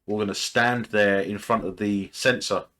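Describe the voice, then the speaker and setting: A man's voice: fairly low pitch, fairly even intonation, moderate pace, pushed and bright. A man hosting a TV reaction video, casually thinking aloud and speculating, often restarting his sentences.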